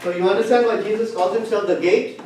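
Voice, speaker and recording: A man's voice: sits high, fairly even intonation, fast, darkish tone. A man teaching a Bible lesson, retelling a story and asking his listeners questions as he goes. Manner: retells stories with questions to the class. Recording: echoey room, far from the mic, faint hiss.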